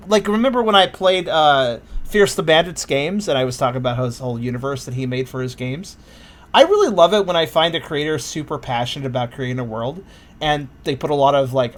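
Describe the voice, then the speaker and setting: A man's voice: a little high, a bit bright. A man hosting a gaming channel, reading a game's translated page aloud in casual commentary with playful, amused asides and frequent laughter.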